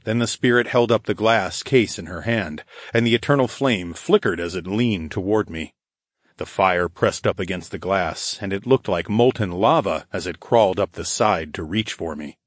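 A male audiobook narrator with a low, husky voice tells a first-person fantasy story. His delivery is dry and cocky, and the recording is close with no room echo. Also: normal speed.

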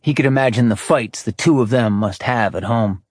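A man's voice: medium pitch, normal speed, dry recording, clean studio sound. A man narrating fiction in a scripted audiobook reading, switching between character voices. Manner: lively, character-voicing narration.

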